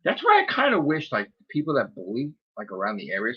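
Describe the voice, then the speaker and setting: A man's voice: medium pitch, fast talker, few pauses, husky, highs cut off. A man in his forties telling heated, profanity-laced stories in a casual chat. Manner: profane, heated, animated storyteller. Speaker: podcast co-host.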